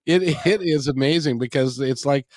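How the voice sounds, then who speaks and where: A male interview host who talks in a halting, rambling way and keeps restarting his sentences. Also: medium pitch, darkish tone, dry recording, clean studio sound. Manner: rambling, halting, self-correcting. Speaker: podcast host. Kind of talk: conversational interview.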